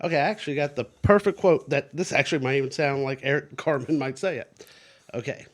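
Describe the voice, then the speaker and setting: A man's voice: mid-range voice, quick pace. A man co-hosting a podcast, joking and playful in casual game chat. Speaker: podcast co-host.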